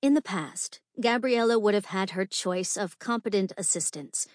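A woman narrating an audiobook with a measured, clear storytelling delivery. Her voice sits at a middle pitch. The recording is dry and close, with no room sound. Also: a little mellow, dry recording.

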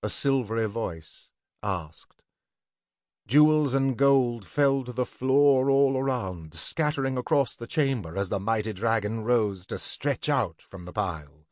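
A man narrating a scripted fantasy story in an even, deliberate way. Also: mid-range voice, no echo, studio quality.

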